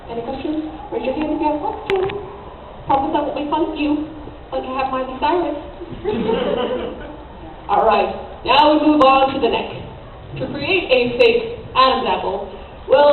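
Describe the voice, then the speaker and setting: A woman's voice: high-pitched, slight background noise. Joking young woman in an echoey room. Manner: joking, teasing asides. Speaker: convention panelist. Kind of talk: casual panel talk. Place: convention panel room. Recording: echoey, distant, tinny audience recording.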